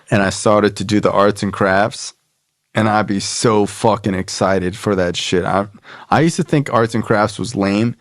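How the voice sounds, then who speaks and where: Gravelly, profane young man telling a story. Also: on the low side, fairly even intonation, moderate pace, no room sound, clean studio sound. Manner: rambling, profane, acts out quotes. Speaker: podcast guest. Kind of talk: casual storytelling.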